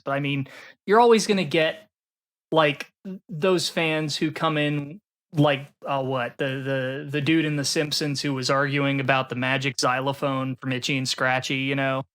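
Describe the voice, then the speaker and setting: A man's voice: mid-range voice, a bit bright. A man from Ohio with a mid-range voice joins in as a podcast co-host. He talks loosely and jokingly, padding his lines with "like". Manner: loose, jokey, "like" fillers. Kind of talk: casual podcast chat.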